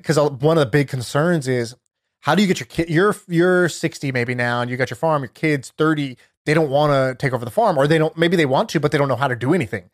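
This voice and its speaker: A man co-hosting a podcast, telling a story in casual chat, lively and full of fillers like "like" and "you know". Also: on the high side, fast talker, dry recording, clean studio sound. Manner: animated storyteller, many fillers, laughs while telling. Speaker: podcast co-host.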